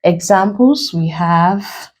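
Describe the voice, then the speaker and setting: Slow-speaking Nigerian woman teaching. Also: lowish voice, a little mellow, rough recording. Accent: Nigerian English. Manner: slow, deliberate, repeats key points. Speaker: tutor. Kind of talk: exam-prep lesson at a board.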